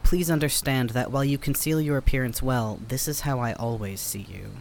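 A man playing a dry, sardonic male companion who speaks in a formal, wordy, deadpan way in an audio drama. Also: medium pitch, fairly quick, creaky, a little hiss or hum, natural voice.

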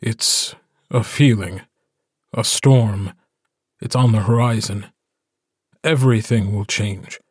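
Man doing a calm gentle alpha wolf husband, slow and husky, dry sound. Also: fairly low pitch, no echo. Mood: somber. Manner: soft, slow and soothing. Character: gentle, steady male alpha werewolf, a dead husband.

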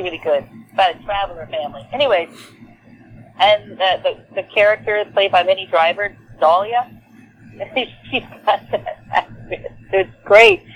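Guesting on a laid-back interview, this lead singer from Texas talks in a Southern accent, lively and peppered with fillers and false starts. She has a medium-pitched voice, and the audio sounds dull.

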